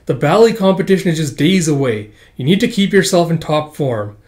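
Guy doing a stuffy old housemaster, prim and proper, kinda high voice. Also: expressive, brisk, darkish tone, close to an everyday voice. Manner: formal, prim delivery. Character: stiff, proper older male school housemaster.

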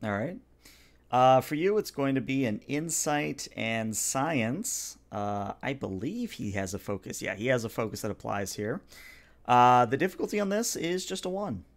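A man narrating as game master of a tabletop game, explaining rules in a relaxed, filler-heavy way. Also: medium pitch, moderate pace.

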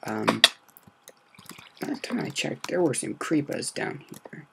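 A man hosting a game let's-play, talking in a hushed, low-key and rambling way, with a slight sore throat. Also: animated, slow pace, creaky, long pauses, background noise. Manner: quiet, low-key, meandering. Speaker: gaming video host.

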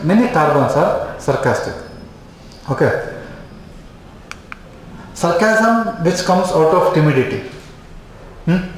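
A man giving a live class lecture, repeating points and checking in with "okay?" again and again. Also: high voice. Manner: repetitive, checks in with "okay?" constantly. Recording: very echoey classroom, faint noise.

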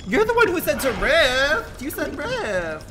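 A man's voice: very high-pitched, huge pitch swings, unhurried, background noise. A man streaming a game and chatting to viewers, sassy and dramatic, swearing a lot. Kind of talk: casual livestream chat while gaming.

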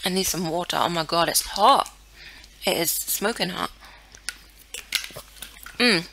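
Young woman, casual gameplay chatter, bright clear tone, slightly low pitch, talks to her characters. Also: slow, slight background noise. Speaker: let's play gamer.

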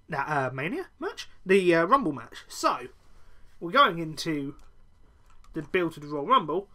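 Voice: medium pitch, a bit bright. A podcast host riffing alone on wrestling storylines, rambling and correcting himself with dry jokes. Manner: rambling, self-correcting, jokey. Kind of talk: solo fantasy-booking podcast monologue.

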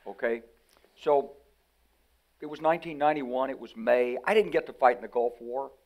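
A man's voice: medium pitch, moderate pace. An older man from the United States, a retired general, telling stories animatedly as a guest in a conversational interview. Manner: animated storyteller who acts out quoted voices.

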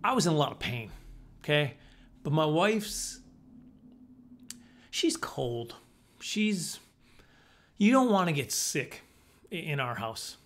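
A middle-aged man doing stand-up comedy, telling stories in an animated, self-deprecating way. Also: a little high, takes it slowly, pauses often.

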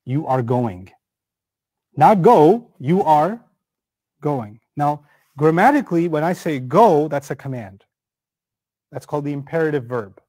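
Man, middle-aged, scripture teacher, lively lecture voice, high-pitched, dry close sound. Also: a little slow, no room sound. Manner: animated, conversational, acts out everyday examples. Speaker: Quran teacher.

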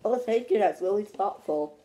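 A woman chatting playfully in a holiday vlog, breaking into yelps and sudden loud outbursts. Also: mid-range voice, lively intonation, moderate pace. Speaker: vlogger.

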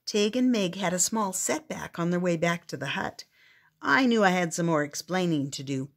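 An older woman reading a picture book aloud, with expressive storybook narration. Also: fairly low pitch, moderate pace.

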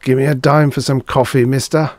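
A man's voice: medium pitch, flat delivery, brisk, a little mellow, no echo, pitched above the performer's own voice, natural voice. Man doing a whining street beggar. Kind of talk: audiobook reading.

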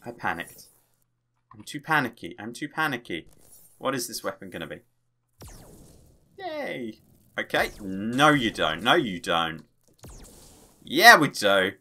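A man giving excitable, playful let's play commentary as a gaming channel host, tossing in his own sound effects. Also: fairly low pitch, measured pace, pauses often.

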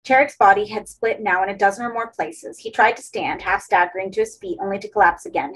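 Female audiobook reader, husky, mid pitch, steady horror narration. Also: poor audio.

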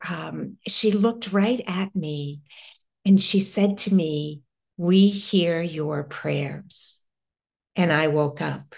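A middle-aged American woman telling a personal spiritual story, slowly and haltingly, with many restarts. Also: medium pitch, a little mellow. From United States. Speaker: interview guest.

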